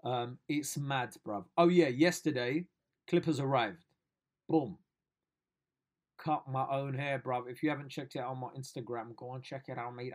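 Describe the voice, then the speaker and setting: Excitable man, slangy and swearing. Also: mid-range voice. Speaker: comedian vlogger. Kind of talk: casual lockdown video diary.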